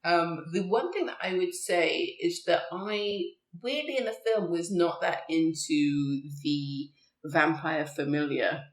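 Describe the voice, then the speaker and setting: Low-voiced woman, chatty, echoey. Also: takes it slowly. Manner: chatty, animated, laughs often, many fillers. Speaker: podcast co-host. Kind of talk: casual film chat. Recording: roomy echo.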